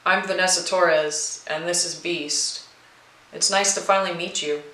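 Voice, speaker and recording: Quiet, apologetic female veteran full of guilt, voiced by a woman reading a storybook. Bright tone, echoey room. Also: lowish voice, fairly even intonation, a little slow. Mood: grieving. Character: grieving female Navy veteran, guilt-ridden, withdrawn.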